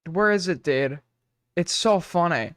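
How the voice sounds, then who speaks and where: A man with a fairly high voice rants and rambles through a live stream, cursing freely as he reacts. The sound is dry and close, with almost no room around it. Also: animated, measured pace, dry recording. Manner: profane, ranting, rambling.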